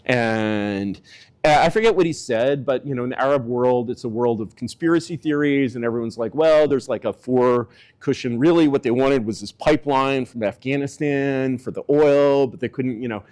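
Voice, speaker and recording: A man offers casual political commentary at a normal speed, rambling and relying on filler words. His pitch swings up and down for emphasis, and his voice is a little mellow.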